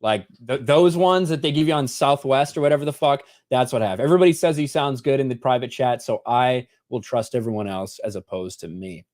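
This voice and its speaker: A man's voice: mid-range voice, brisk, hardly any pauses, darkish tone. A man hosting a live stream, introducing guests with loose, profane jokes. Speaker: host. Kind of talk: casual live stream chat. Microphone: headset.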